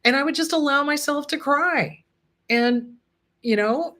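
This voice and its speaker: Reassuring woman therapist talking to viewers. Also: on the high side. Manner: warm, reassuring, addresses viewers as "my loves". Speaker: therapist and show host. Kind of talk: casual solo talk to viewers.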